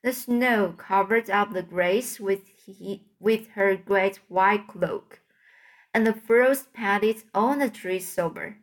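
A woman reading a fairy tale aloud, halting over hard words and correcting her slips. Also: mid-range voice. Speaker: audiobook reader.

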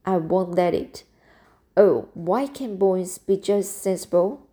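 A woman's voice: fairly low pitch, slow pace, warm tone. Woman reading as an earnest young woman. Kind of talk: amateur audiobook reading.

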